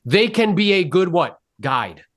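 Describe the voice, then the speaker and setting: A man coaching real estate agents on a video call, energetic and blunt, swearing freely and quizzing his listeners. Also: high-pitched, unhurried. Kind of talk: live sales coaching session.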